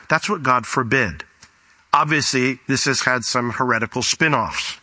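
A man's voice: medium pitch, pushed and bright. A man preaching a sermon, reading scripture aloud and explaining it verse by verse. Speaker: pastor.

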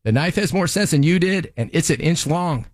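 A man's voice: a little high, expressive, normal speed, dry recording, studio quality. A man doing a scolding sarcastic TV judge. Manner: sarcastic, scolding, mocking the defendant. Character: stern, scolding female TV judge handing down rulings. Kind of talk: comedic courtroom monologue.

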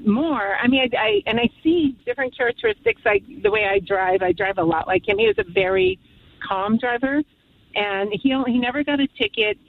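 Heard through a phone on a dry recording, this caller's voice is fairly high and slightly rough. She's a woman on a radio call-in show, fondly and emotionally rambling about her late father and nearly crying.

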